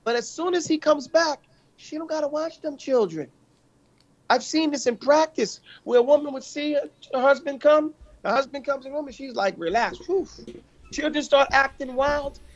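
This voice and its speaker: A man's voice: very high-pitched, steady tone, normal speed. A man teaching, who tells stories from his own life and keeps asking whether his listeners are with him. The recording is a little muffled and lo-fi. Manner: storytelling, checks in with listeners often. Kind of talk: lesson commenting on a classical text.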